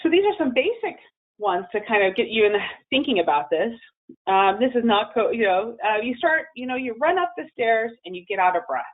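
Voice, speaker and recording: A woman's voice: a little high, very animated, fairly quick. A woman giving a webinar presentation on emotional well-being in a conversational way, with fillers and restarts. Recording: phone-line audio.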